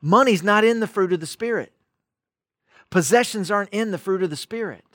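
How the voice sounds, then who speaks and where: A man preaching a streamed sermon, with a voice pitched high for a man. He leans hard on key words, repeats them and calls out to the viewers watching online. The recording is dry and close, with no room sound. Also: fairly quick, fairly bright tone, no room sound. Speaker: pastor.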